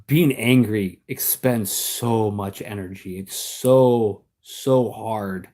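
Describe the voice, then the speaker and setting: A man's voice: fairly low pitch, slow pace, a little mellow. American guy live streaming, casual rambly chat, laughs a bunch, lots of restarts.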